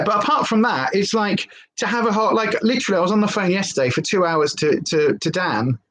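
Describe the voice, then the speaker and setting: A woman vlogger rambling candidly in a casual live-stream chat. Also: lowish voice.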